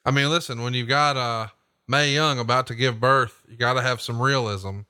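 A man co-hosting a podcast, telling stories in a profane, animated way. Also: medium pitch, normal speed, clean tone, no echo, studio quality. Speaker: podcast co-host. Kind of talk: casual podcast chat.

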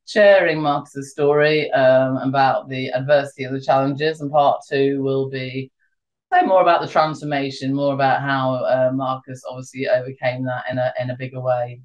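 A podcast host interviewing a guest in a friendly, casual way, pausing with ums. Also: medium pitch, fairly even intonation, low-quality recording.

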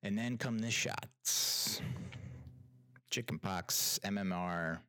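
A man's voice: lowish voice, slow, pushed and bright, clean tone, no echo. A young man, a father, telling a story in a rambling, exasperated way, full of restarts and trailing asides. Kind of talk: casual storytelling monologue.

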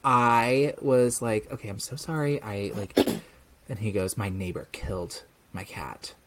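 A young man with a fairly low, unhurried voice co-hosts a podcast. He tells a story in casual chat as an animated storyteller, acting out the voices of the people he quotes.

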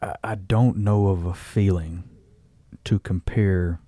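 A man who is a guest on a podcast, talking in a halting, heartfelt way and often repeating words. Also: deep voice, fairly even intonation, mellow, dry recording, clean studio sound. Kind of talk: casual conversation.

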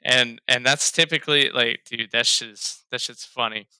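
A man's voice: mid-range voice, normal speed, sharp tone, clean tone, no echo, studio quality. A man in casual chat about a film, laughing a lot, swearing freely and acting out lines he liked. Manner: laughing, profane, quotes lines in raised voices. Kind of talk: casual movie review chat.

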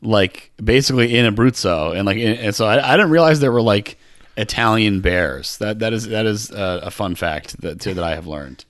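Low-voiced man explaining in dry sound. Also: moderate pace, no echo. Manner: relaxed, explanatory, hesitant with fillers. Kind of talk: casual chat.

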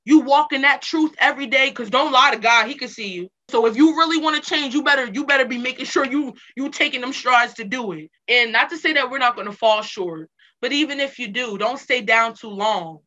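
A woman's voice: sits high, brisk, pushed and bright. A woman guest giving earnest, emphatic life advice in a casual interview, repeating phrases for stress. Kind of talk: casual motivational talk.

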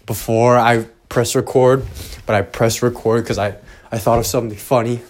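A young man's mid-range voice, steady in tone and at normal speed, hosts a podcast on his own using headphones and a home recording setup. He rambles casually, swears a lot, makes self-deprecating asides and trails off.

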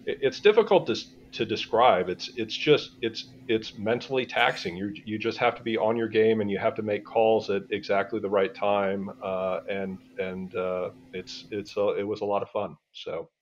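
Halting man on a dull remote line. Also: fairly low pitch, a little hiss or hum. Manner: halting, many restarts and fillers. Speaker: guest, airborne command and control officer. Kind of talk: casual panel conversation.

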